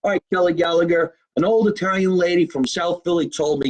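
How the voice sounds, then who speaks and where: Rambling, profane comedian in a basement. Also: male voice, sits high, a little fast, hardly any pauses, rough recording. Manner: rambling, profane, plugging his channels. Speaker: comedian hosting his own live show. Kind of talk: casual live-stream monologue. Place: home basement.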